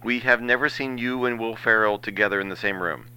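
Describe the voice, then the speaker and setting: A man's voice: lowish voice, brisk, bright, forceful tone, clean tone, rough recording. A man interviewing a guest, with polite, formal wrap-up phrasing. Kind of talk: radio-style interview.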